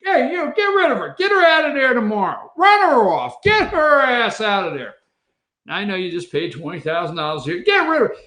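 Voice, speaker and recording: Guy doing a bossy old president yelling orders, way up high, echoey room. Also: wildly swooping pitch, a little fast, full character voice. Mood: barking. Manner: shouting, blunt and demanding. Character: brash older male president barking orders.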